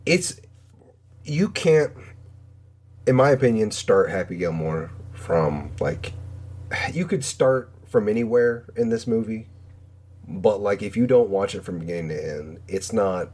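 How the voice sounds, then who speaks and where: Animated low-voiced man, chatty and slangy. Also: a little slow. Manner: animated, slangy, leaps into high squeaky voices when quoting scenes. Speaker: podcast guest. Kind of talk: casual chat.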